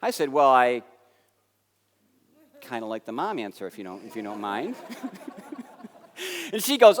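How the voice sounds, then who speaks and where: An American man giving a conference keynote, telling a story with lively acted-out dialogue that swings between loud and soft. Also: medium pitch, unhurried, pauses often. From United States. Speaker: keynote speaker. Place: large conference hall. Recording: long hall reverb.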